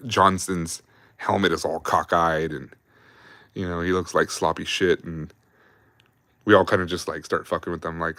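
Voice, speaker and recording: Deep-voiced veteran telling rambling army stories. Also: male voice, little pitch movement, normal speed, fairly bright tone, dry recording, studio quality. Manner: rambling, profane, laughs while telling stories. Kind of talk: casual storytelling on a livestream.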